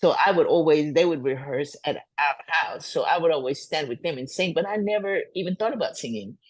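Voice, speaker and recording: An older woman, a singer, tells stories with animated energy and acts out the voices she quotes. She laughs easily as she talks, and her voice sounds dry and close. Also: low voice, a little fast, breathy edge, no echo. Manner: laughs often while talking. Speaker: singer and guest. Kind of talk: storytelling in a casual interview.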